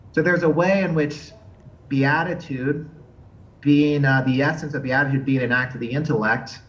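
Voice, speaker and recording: A man giving an unscripted theology lecture, earnest and thoughtful, often pausing and restarting as he searches for words. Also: mid-range voice, fairly bright tone, dull audio. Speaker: theology teacher.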